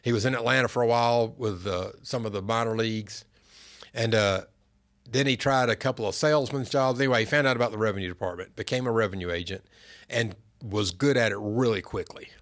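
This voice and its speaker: A middle-aged man, a podcast guest, telling family stories in an earnest, unhurried way. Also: fairly low pitch, a bit bright. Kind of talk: casual storytelling interview.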